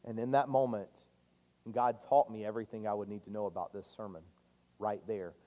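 A man in his thirties preaching a sermon, earnest and confessional, his voice swinging from loud declarations to hushed admissions. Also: on the low side, fairly even intonation, brisk. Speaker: pastor. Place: church sanctuary. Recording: long hall reverb.

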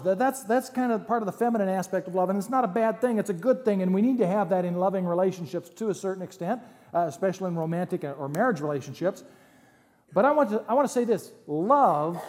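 A pastor with a high, slightly mellow voice preaches a sermon to his congregation, keeping it conversational and funny with jokes and asides. A long hall reverb surrounds the recording.

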